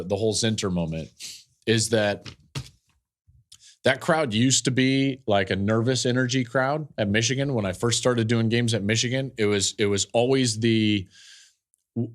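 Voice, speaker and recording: A man in his forties hosting a sports podcast, telling a game story with animated, emphatic energy and frequent restarts. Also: fairly low pitch. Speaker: podcast host and football analyst. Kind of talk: casual sports podcast talk.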